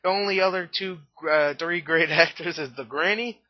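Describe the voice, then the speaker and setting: A man's voice: fairly high pitch, moderate pace, dry recording. A tired, slightly out-of-breath man rambles through a casual movie review, laughing and restarting his sentences. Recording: dull lo-fi webcam audio.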